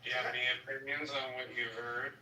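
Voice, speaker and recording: A man's voice: medium pitch, level tone, quick pace, pushed and bright. A man hosting a casual live audio chat, lecturing emphatically. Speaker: host. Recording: echoey, distant, faint noise.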